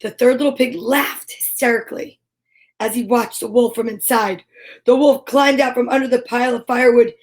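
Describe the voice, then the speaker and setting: A woman telling a fairy tale aloud in a slow, playful comic reading with little asides. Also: a little high, fairly even intonation, a little mellow. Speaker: storyteller. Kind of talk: comic storybook narration.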